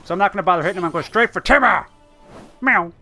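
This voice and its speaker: Gamer, gameplay commentary, excitable, swearing, lively pitch, faint music underneath. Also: very fast. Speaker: let's play gamer.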